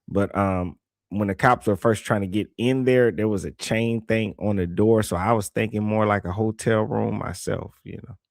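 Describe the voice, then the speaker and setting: Lowish voiced dude reacting live, swears a lot, stumbles over words, dry close mic. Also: male voice, moderate pace, gravelly, no echo. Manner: animated, swears, restarts, reads viewer comments aloud. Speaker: commentator reacting to a news clip. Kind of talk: casual live reaction commentary.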